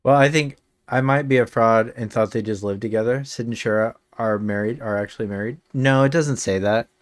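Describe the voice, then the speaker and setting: A man's voice: medium pitch, fairly quick, no echo. A male game streamer chatting casually on a live stream, rambling with many fillers and slipping in dry jokes.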